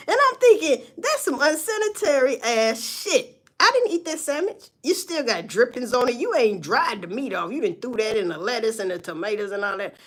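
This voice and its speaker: A woman in her forties talks in a casual rant, her strong and her voice sitting a little high. Her pitch swings widely as she swears and tells stories between laughs. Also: slight background noise. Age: 40s. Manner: loud, swearing, animated storytelling with laughs.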